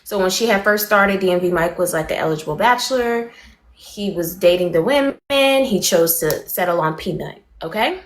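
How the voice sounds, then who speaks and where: A woman hosting a livestream, giving her viewers a rapid, animated gossip recap and greeting them between sentences. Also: medium pitch, roomy sound. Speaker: livestream host.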